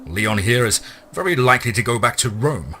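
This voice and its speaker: A man voicing a calm, matter-of-fact male agent of a secret order in a spoken story. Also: mid-range voice, fairly quick, slight background noise, voice pushed up. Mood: assured.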